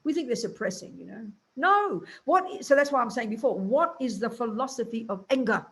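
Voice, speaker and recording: Woman Buddhist nun teaching, fairly high voice, punchy and plain-spoken. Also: animated, normal speed, hardly any pauses. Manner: blunt, emphatic, colloquial.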